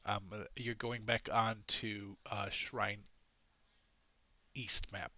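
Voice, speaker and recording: A man's voice: lowish voice, flat delivery, slow, bright, forceful tone, no echo, muffled recording. A man narrating as game master of a tabletop game, chatty, laughing often, with many fillers.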